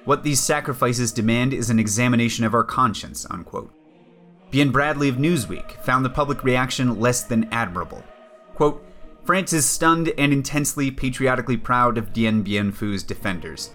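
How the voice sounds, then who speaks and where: A man narrating a history documentary in a measured way, reading quotations aloud and adding pointed asides. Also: mid-range voice, expressive, fairly bright tone, faint music behind. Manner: reads quotes aloud, framing them with "quote, unquote".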